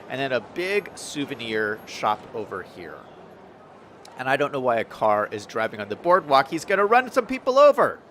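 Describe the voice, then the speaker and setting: A man's voice: medium pitch, pushed and bright, a little hiss or hum. A young man casually commenting on his city-building game and reading chat messages during a live stream. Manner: chatty, upbeat, reads out chat messages.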